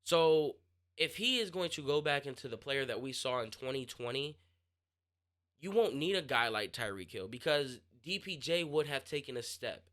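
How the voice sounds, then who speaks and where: Answering listener questions on his sports podcast, the young host talks casually, often stopping and starting over mid-thought as he figures out his point. His medium-pitched voice is a bit bright, with lively intonation.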